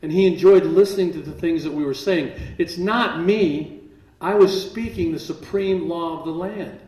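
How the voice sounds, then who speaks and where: Before a live audience in a large seminar room, a man with a somewhat high voice narrates stories at a moderate pace, acting out quotes with energy and laughing occasionally. The distant mic picks up roomy echo along with a little hiss or hum.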